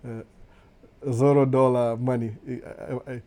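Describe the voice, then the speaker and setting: Mellow-voiced Kenyan man chatting live. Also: mid-range voice, flat delivery, unhurried. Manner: mixes Swahili and English, repeats "no, no", chuckles often. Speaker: live-stream host. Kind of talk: casual live chat reading viewer comments.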